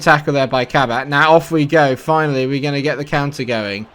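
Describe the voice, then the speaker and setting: A man's voice: fairly high pitch, brisk, hardly any pauses, a bit bright. A young British man commentating his own football video game match, frustrated and sarcastic. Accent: British English. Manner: frustrated, swearing, sarcastic outbursts. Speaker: gaming YouTuber. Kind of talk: live gameplay commentary.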